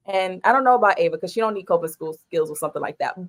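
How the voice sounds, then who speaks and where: A woman hosting a casual parenting chat and telling stories in an animated, chatty way, often laughing. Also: on the low side, fast. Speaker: podcast host and mother.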